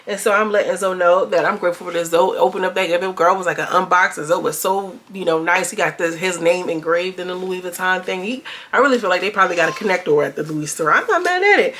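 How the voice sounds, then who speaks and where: A woman's voice: on the low side, fairly even intonation, fast, few pauses, a bit bright. A woman giving casual, slangy commentary on a reality show and talking straight to her viewers. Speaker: reality TV reviewer.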